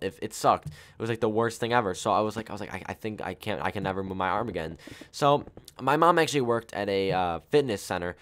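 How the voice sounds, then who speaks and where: A man's voice: fairly low pitch, fairly bright tone. A young man casually telling a personal story while playing a game, rambling with many fillers and self-corrections. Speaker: gaming YouTuber.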